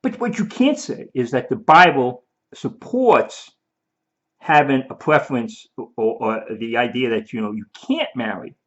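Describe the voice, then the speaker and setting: A man with an expressive, medium-pitched voice that's a bit bright keeps a measured pace. His video commentary is rambling and emphatic, full of repetitions, restarts and mock-quotes of his opponents. The audio is dull and lo-fi.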